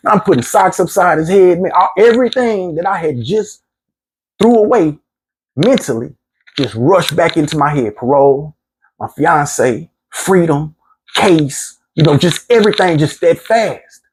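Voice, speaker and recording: A man's voice: on the high side, lively intonation, unhurried, slight background noise. A middle-aged man candidly recounting his own past in a plainspoken, street-casual way, often repeating himself. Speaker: former prisoner telling his story. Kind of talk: candid storytelling monologue.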